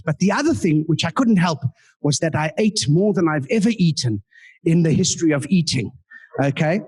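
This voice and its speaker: Man in his forties, stand-up comic, husky voice, fairly high pitch, self-mocking storytelling. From South Africa. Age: 40s. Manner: playful, self-mocking storytelling with asides to the audience. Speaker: comedian and guest speaker. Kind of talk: live stand-up comedy. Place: indoor club meeting room.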